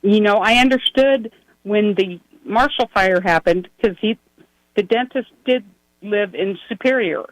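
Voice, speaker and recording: A woman's voice: mid-range voice, a little slow, no room sound, rough recording. Brief: woman caller, worried and pleading, dry close sound. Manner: upset, pleading, run-on telling. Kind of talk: phone call to a radio show.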